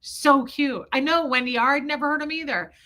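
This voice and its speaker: On a live stream, a woman chats a little fast in a slightly high, very bright voice. She tells stories with animated energy, reads viewer comments aloud and swears casually.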